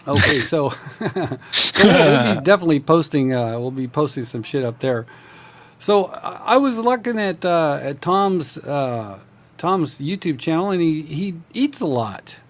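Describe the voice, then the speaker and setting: A middle-aged man hosts a gaming podcast, his voice sitting a little high. He talks in a chatty, jokey way and keeps the conversation casual. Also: very animated. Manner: chatty, jokey, quick to laugh. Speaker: podcast host. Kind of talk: casual chat.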